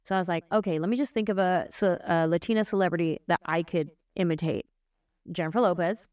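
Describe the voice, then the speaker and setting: Woman comedian telling animated stories. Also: on the low side, fast, dry recording. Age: 40s. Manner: animated, demonstrating voices and gestures as she tells stories. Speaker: guest comedian. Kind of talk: casual storytelling in a podcast interview. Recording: dry, slightly muffled lo-fi sound.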